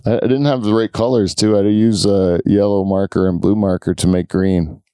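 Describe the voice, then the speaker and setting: A male podcast host telling stories in a loose, rambling way, full of fillers and laughs. His voice is low, mellow and smooth. The sound is dry and close. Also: steady tone, a little fast, no room sound. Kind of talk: casual storytelling chat.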